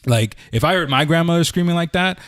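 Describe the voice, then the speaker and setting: A man's voice: on the high side, lively intonation, quick pace, fairly bright tone, dry recording, studio quality. A man co-hosting a podcast, telling a story in a loose, rambling way full of "like" and "I'm like". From Canada. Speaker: podcast co-host. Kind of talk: casual podcast chat.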